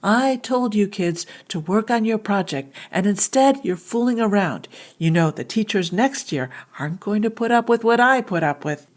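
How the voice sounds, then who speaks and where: A woman's voice: medium pitch, lively intonation, moderate pace, pitched above the performer's own voice, lightly acted. A woman acting out an irritated teacher scolding a class of kids. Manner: scolding, raised voice.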